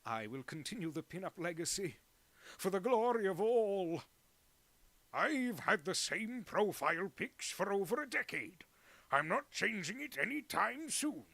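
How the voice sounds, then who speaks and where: A man's voice: high voice, big pitch swings, unhurried, vocal fry, bright, forceful tone, dry recording, voice pushed up, exaggerated voice. A man putting on a voice for a boastful online commenter, proclaiming grandly. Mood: proud.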